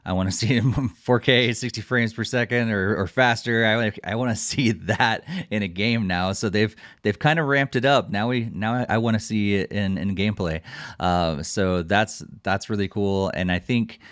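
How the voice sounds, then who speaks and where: Deep-voiced man rambling on a podcast. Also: normal speed, a bit bright, no room sound, clean studio sound. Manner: rambling, restarts often, chuckles while talking. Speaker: podcast co-host. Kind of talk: casual podcast chat.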